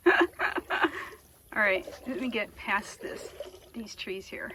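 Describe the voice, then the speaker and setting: A woman vlogging from a kayak on a lake outdoors, whispering in awe into a handheld camera and breaking into excited exclamations. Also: mid-range voice, drawn-out words, long pauses, a little hiss or hum. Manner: hushed, awed whispering. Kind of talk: outdoor adventure vlog narration.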